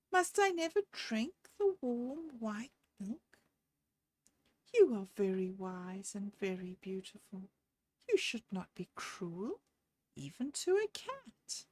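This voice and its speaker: A woman voicing a proud, aloof male cat who speaks slowly and deliberately. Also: medium pitch, a bit bright. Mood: pleading.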